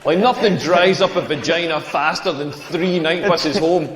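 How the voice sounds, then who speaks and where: A Scottish comedian in his forties with a fairly high voice, telling crude stories on stage in a rambling, playful way. His voice rings out through a big echoing hall with a long tail of reverb. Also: normal speed, a little hiss or hum. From Scotland. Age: 40s. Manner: bawdy, rambling storytelling with acted-out asides. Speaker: stand-up comedian. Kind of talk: stand-up comedy routine.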